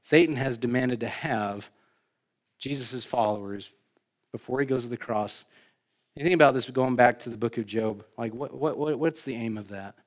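Speaking at normal speed, a pastor preaches conversationally with joking asides to the congregation. He lifts his voice for emphasis and then lets it drop low.

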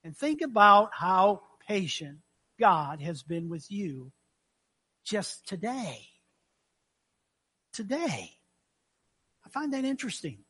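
A man preaches a sermon in a high voice. His tone is bright and ringing. He pushes some phrases out loud and drops others to a hush. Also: slightly rough. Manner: preaching with swings between loud emphasis and hushed asides. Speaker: pastor.

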